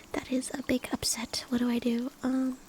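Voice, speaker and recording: Whispering woman, playful streamer. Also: sits high. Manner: soft whisper, playful and teasing. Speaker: ASMR streamer. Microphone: binaural or USB mic.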